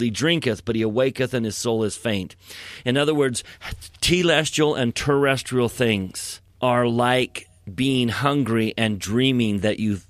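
A man's voice: mid-range voice, dry recording, studio quality. A man co-hosting a scripture podcast, explaining earnestly and reading verses at length. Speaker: podcast co-host. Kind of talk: casual scripture discussion.

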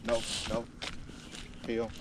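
A man chatting casually outdoors in a rural yard, with a relaxed, drawling way of talking. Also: mid-range voice, extremely slow. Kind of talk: casual chat. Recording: noisy outdoor phone recording.

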